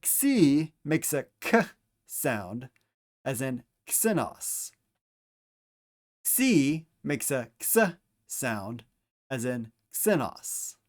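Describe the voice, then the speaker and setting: A man leads a Greek pronunciation lesson at a very unhurried pace, saying each letter and example word twice so listeners can repeat after him. His voice sits at an ordinary middle pitch, and his delivery is careful and measured. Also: sing-song. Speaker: Greek teacher. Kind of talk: slow instructional pronunciation lesson.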